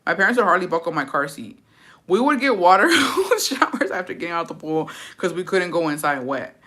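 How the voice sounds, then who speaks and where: Bright-voiced woman vlogger, profane and blunt. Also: fairly low pitch, a little fast. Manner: animated storytelling. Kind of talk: reading viewer comments and reacting.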